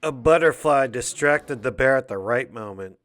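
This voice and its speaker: A man's voice: medium pitch, lively intonation, normal speed, fairly bright tone, a little hiss or hum. A man giving a casual, rambling movie recap, laid-back and heavy on filler words.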